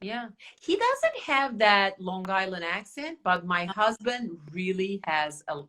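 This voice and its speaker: Bright-voiced chatty woman host. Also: mid-range voice, sing-song, slow. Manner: chatty, many fillers and restarts. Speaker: podcast host. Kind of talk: casual chat.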